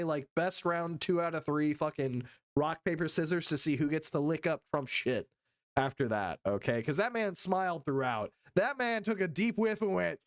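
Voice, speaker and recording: A streamer giving crude, profane, mocking play-by-play commentary on a live stream while scrubbing through a video and reading chat. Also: mid-range voice. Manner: frequent silly put-on quote voices. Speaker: livestream host.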